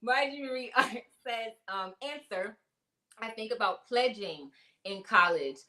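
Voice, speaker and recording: A woman's voice: on the high side, expressive, a little slow, bright, forceful tone. A woman hosting a casual ministry talk show, chatting and reading out viewer comments. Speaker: host.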